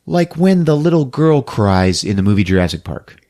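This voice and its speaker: A man's voice: medium pitch, very animated, normal speed, mellow. A man hosting a podcast, recapping a film in casual chat, laughing often and acting out the characters. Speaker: podcast host.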